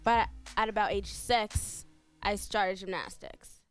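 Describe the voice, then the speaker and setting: Teen girl interview guest, mid pitch, shy and hesitant. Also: fairly even intonation, takes it slowly, faint music behind. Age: teens. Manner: soft-spoken, hesitant, with frequent ums. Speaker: guest athlete. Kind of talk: interview answers.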